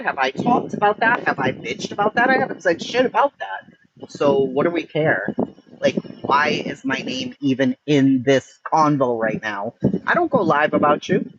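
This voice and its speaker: Blunt, profane man ranting, lively high voice. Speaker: online streamer. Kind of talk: ranting commentary. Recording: muffled with steady background noise.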